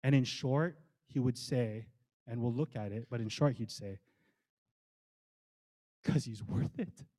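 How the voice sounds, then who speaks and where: A pastor preaching a sermon with passion, firing rhetorical questions and shifting between quick runs and slow, emphatic phrases. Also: male voice, mid-range voice, warm tone.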